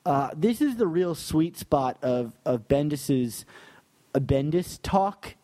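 New york guy on a comics podcast, kinda high voice, dry close mic, lots of likes and laughs. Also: animated, slow pace, mellow, dry recording. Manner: enthusiastic, laughs easily, many fillers. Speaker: podcast co-host. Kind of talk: casual comics discussion.

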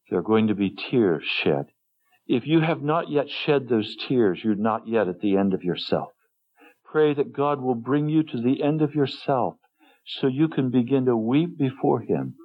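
Earnest preacher, slow and muffled. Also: male voice. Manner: earnest, emotional, dips low and soft. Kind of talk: sermon. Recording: muffled lo-fi sermon recording.

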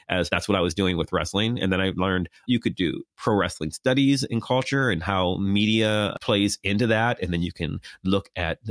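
Man, thirties, lowish voice, dry close podcast mic, rambling casual storyteller, self-deprecating. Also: fairly bright tone, no echo. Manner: rambling, self-deprecating, quotes others in dialogue. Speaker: podcast co-host.

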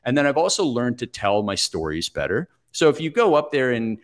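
A man in his forties, a podcast guest telling stories from his life in a reflective, steady, plain-spoken way. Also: mid-range voice, brisk. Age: 40s. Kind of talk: conversational interview storytelling.

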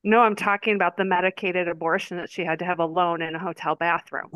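A woman's voice: fairly low pitch, flat delivery, fast talker, fairly bright tone, no echo. A woman co-hosting a podcast, talking earnestly and emphatically about a memoir. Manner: earnest, emphatic, uses filler likes. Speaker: podcast co-host. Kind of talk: casual book-club chat.

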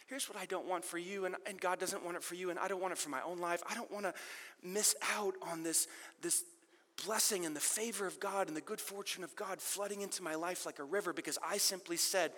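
A middle-aged man preaching a sermon to a live church audience, swinging from loud emphatic bursts to quiet, intimate asides and joking at his own expense. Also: high-pitched, a little fast. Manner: animated, self-deprecating, shifts between loud emphasis and quiet intimacy. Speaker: pastor. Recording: reverberant large hall.

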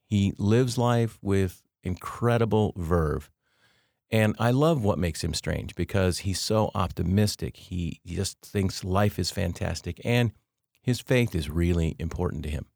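Deep-voiced earnest man telling faith stories. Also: creaky, dry recording, clean studio sound. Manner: earnest, warm-humored storytelling with slow emphatic phrasing. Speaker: devotional podcast host. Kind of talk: faith-based storytelling podcast.

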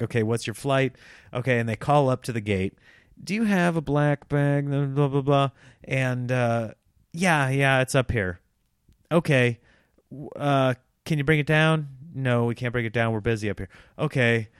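A man telling a story in a casual, self-mocking way, jumping into other people's voices as he acts out the dialogue. His voice sits at an ordinary middle pitch. The sound is dry and close, with no room around it. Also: clear, resonant tone, dry recording.

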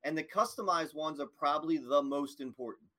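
A male podcast host in a casual conversation who keeps things enthusiastic and affirming. His voice is bright and tense, pitched a little high for a man. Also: fairly quick.

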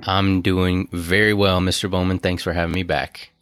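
A man's voice: deep voice, level tone, normal speed, a bit bright, soft background music. A man with a Midwestern American accent, a guest on a podcast, talking in an easygoing way and laughing readily. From Ohio, American Midwest. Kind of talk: casual phone interview.

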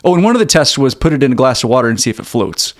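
Gravelly, wry podcast co-host man. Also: mid-range voice, big pitch swings, rapid-fire. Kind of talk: casual chat.

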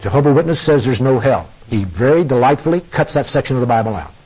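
A man's voice: medium pitch, animated, quick pace, mellow, breathy edge. A man preaching a sermon to a congregation, emphatic and repetitive, calling his listeners "guys", heard through a lo-fi radio broadcast. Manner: emphatic, repeating phrases for effect, addresses listeners as guys.

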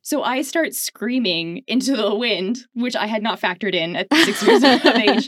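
A woman's voice: medium pitch, animated, normal speed, hardly any pauses, dry recording, studio quality. A woman from Canada co-hosting a podcast, telling a story in a casual, reflective way, with lots of "like" and frequent laughter. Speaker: podcast co-host.

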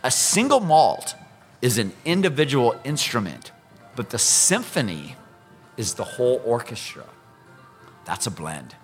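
A man's voice: medium pitch, measured pace, long pauses, faint music behind. A man in his fifties from Iowa, a whiskey ambassador, talking emphatically in a casual chat. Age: 50s. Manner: animated, emphatic storyteller.

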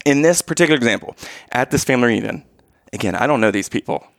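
Gravelly, lively man telling a story. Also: medium pitch, fast talker, no echo, clean studio sound. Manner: animated, keeps checking in with "okay?" and "right?"; acts out quoted lines in raised voice. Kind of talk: casual chat, storytelling.

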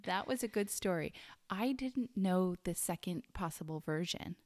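Woman, middle-aged, podcast co-host, casual storytelling, animated, whispery asides. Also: on the low side, moderate pace. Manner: animated, drops to whispers when telling spooky parts.

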